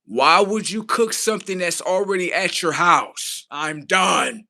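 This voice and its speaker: A man with rants to his stream. His pitch swings up and down and his tone is bright. He talks casually, incredulous, and swears freely. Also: unhurried, vocal fry, hardly any pauses. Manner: animated, incredulous, swears freely, quotes others in his own voice. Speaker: livestream host. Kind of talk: casual storytelling rant.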